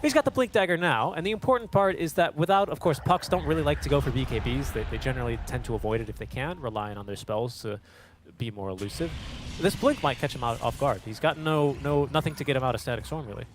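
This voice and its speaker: A man casting an esports match with quick, excitable play-by-play commentary. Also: mid-range voice, slight background noise. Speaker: esports caster.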